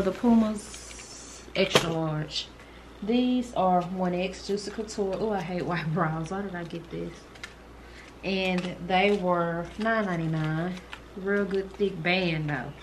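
A woman's voice: lowish voice, noisy background. A woman vlogger chatting casually to the camera, rambling and calling her viewers y'all.

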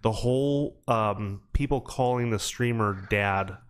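A man's voice: fairly low pitch, a little slow. Man, podcast host, casual chat, rambling, lots of ums. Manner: rambling storytelling with many fillers.

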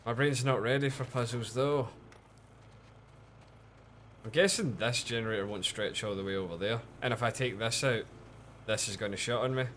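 A man giving casual, lively commentary while streaming a game, chatting with viewers and swearing often. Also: mid-range voice, a little hiss or hum.

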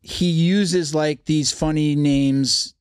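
A man's voice: a little high, fairly even intonation, takes it slowly, smooth, dry recording, studio quality. A man hosting a podcast, chatting casually with lots of restarts and frequent laughter. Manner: rambling, many restarts, laughs often. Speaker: podcast host. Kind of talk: casual interview chat.

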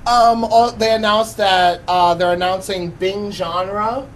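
A man's voice: sits high, steady tone, slow pace, low-quality recording. Man, casual podcast co-host, rambling delivery, faint background hiss. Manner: rambling, many fillers and restarts. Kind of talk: casual panel chat recapping a press conference.

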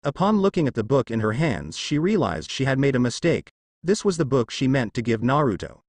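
A man reads a fanfiction story aloud as an audiobook narrator. His pitch is animated and expressive, and his voice sits in the middle range. The sound is dry and close, with no room echo. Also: a little fast.

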